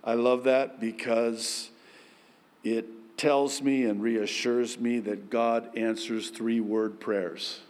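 Slow-preaching man in a reverberant hall. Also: mid-range voice. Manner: slow, building to animated outbursts. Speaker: pastor. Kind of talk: sermon.

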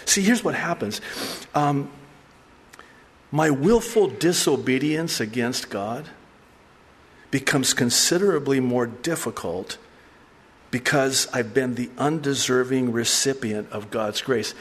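A middle-aged male pastor giving a conversational, animated sermon with asides and laughter. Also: mid-range voice, slow pace, long pauses, breathy edge, big-room sound. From raised by an Arab mother.

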